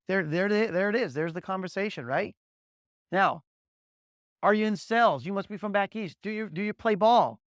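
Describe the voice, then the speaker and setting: High-voiced, animated sales trainer man. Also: no echo. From Las Vegas, Nevada. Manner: animated, acts out sample dialogues, repeats words. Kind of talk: energetic training talk.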